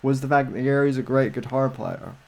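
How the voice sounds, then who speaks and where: A man's voice: mid-range voice, fairly even intonation, a little fast, vocal fry, darkish tone. A man co-hosting a casual live stream over a video call, rambling with many restarts and fillers.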